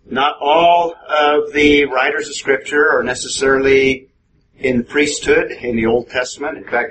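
Man teaching a Bible class. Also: mid-range voice. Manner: methodical, explanatory, asks the class questions. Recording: noisy room recording.

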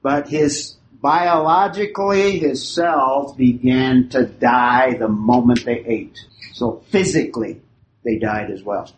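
Slow, emphatic male Bible teacher. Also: medium pitch. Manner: asks the class questions, then repeats their answers; emphatic, stretches key phrases. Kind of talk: classroom Bible lecture. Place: classroom with a live group. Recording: roomy hall recording, faint hiss.

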